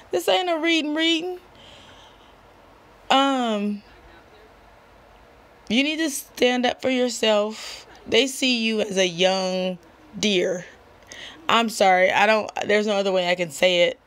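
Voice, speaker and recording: Lady doing a tarot reading to camera, pushy and chatty, lotta ums, average pitch. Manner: assertive, chatty, frequent ums and "okay?" check-ins. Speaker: tarot reader. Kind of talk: casual direct-to-viewer tarot reading.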